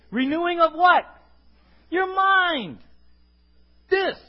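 List: male pastor, emphatic sermon, call-and-response questions, high pitched, dull lo-fi recording. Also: lively intonation, slow pace, long pauses.

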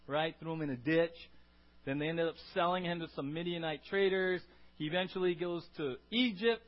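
A man preaching a sermon to his congregation, asking them questions and building to loud, emphatic peaks. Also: fairly high pitch, husky, highs cut off. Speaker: pastor.

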